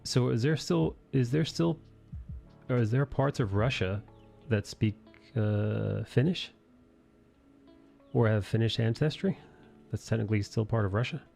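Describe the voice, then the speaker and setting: A man hosting a relaxed live chat while he draws, reading viewer messages aloud and swearing casually. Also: medium pitch, measured pace, gravelly, long pauses, faint music behind.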